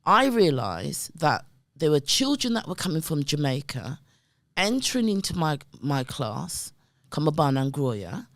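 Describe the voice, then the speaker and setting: Middle-aged woman telling stories, low-ish voice that swings up and down a lot, keeps going "right?". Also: a little slow, dry recording, clean studio sound. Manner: emphatic, animated, often addresses the listener with "right?" and "yeah?". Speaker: guest, community development worker. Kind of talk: conversational storytelling.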